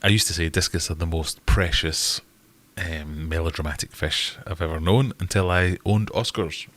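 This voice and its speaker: Deep-voiced Glaswegian man, chatty host. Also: normal speed, a bit bright. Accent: Scottish, Glaswegian. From Scotland. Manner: chatty, jokey, rambling. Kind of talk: casual live-stream Q&A chat.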